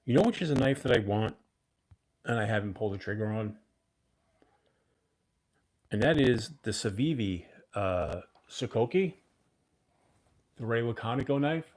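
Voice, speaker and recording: A man's voice: medium pitch, expressive, a little slow, pauses often, a little mellow. A man in his fifties hosting a casual livestream, rambling and chatting with viewers. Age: 50s. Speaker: livestream host.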